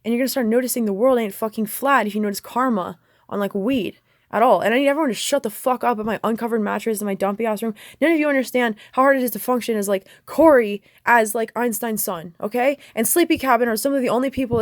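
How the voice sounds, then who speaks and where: A woman's voice: fairly high pitch, fast talker, dry recording, studio quality. A woman talking to the camera from her bedroom in a rambling, swearing monologue that jumps from thought to thought. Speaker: vlogger.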